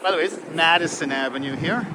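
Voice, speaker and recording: Out on windy city streets, a livestream host chats and rambles to his viewers while walking, his fairly high voice moving fast. Wind and traffic noise come through his wireless clip-on mic.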